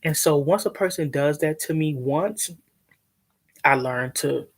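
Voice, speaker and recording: A woman speaks to her livestream audience in a low, husky voice with plenty of gravel. She talks bluntly and animatedly and swears freely. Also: a little slow. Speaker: live streamer. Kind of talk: venting on a livestream.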